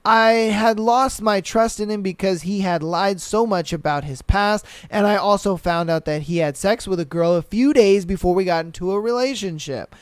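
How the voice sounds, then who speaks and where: A young man hosting a podcast, reading listener stories aloud and reacting with blunt, profane, animated commentary. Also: high-pitched, normal speed, few pauses, smooth, no echo. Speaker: podcast host.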